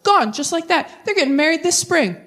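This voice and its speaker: With an extremely high voice and a fairly quick delivery, a twenty-something woman performs stand-up on stage for a laughing crowd, animatedly acting out quoted voices.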